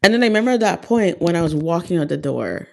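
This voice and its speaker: A woman's voice: lowish voice, expressive, fast, vocal fry, darkish tone, slight background noise. A young woman chatting casually, telling a personal story full of "like" and "um" and acting out what people said. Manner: chatty, heavy use of "like" and "um", acts out quotes. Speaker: vlogger.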